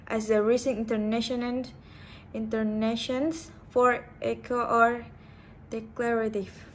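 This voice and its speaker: A woman's voice: fairly high pitch, slight background noise, low-quality recording. A young woman student giving a class presentation on linguistics, hesitant and full of fillers and restarts. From Indonesia. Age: young adult.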